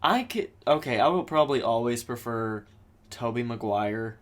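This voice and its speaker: A man's voice: mid-range voice, lively intonation. A man co-hosting a podcast, chatting casually about movies and often restarting his sentences. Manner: halting, restarts, laughs often, acts out quotes. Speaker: podcast co-host. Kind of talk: casual chat.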